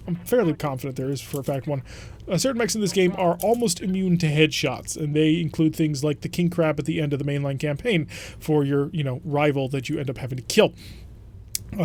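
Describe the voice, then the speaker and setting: A chatty man giving relaxed gameplay commentary, thinking aloud as he weighs his next moves. His voice sits a little higher than most men's. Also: slight background noise. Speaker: let's play host.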